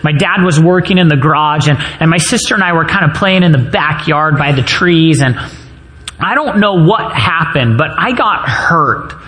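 A man's voice: a little high, lively intonation, normal speed, sharp tone. A man preaching a sermon to fathers, earnest and personal, weaving in stories from his own childhood. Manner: earnest storytelling, personal anecdotes.

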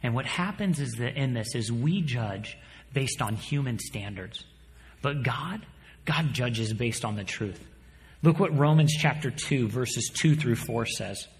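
A man in his thirties preaching a sermon, telling stories with animated energy and dropping to a quiet, earnest tone for his points. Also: medium pitch, measured pace, big-room sound, slight background noise. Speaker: pastor.

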